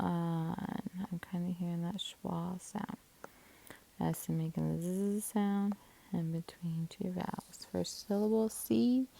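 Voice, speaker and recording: Slow gravelly woman teaching spelling. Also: on the low side, mellow, poor audio. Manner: slow, patient, sounding out syllables, sometimes whispering. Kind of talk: spelling lesson.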